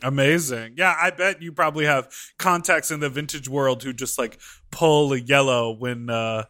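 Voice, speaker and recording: A man's voice: mid-range voice, normal speed, pushed and bright. A man co-hosting a podcast, upbeat and gushing, laughing often. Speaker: podcast co-host. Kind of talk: casual chat.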